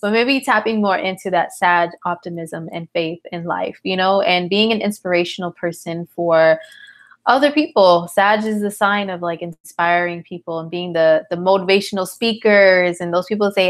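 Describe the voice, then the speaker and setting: A woman's voice: fairly low pitch, fairly even intonation, moderate pace. A tired woman hosting a casual live astrology chat, talking in a slangy, chatty way and answering viewer comments. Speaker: astrologer host.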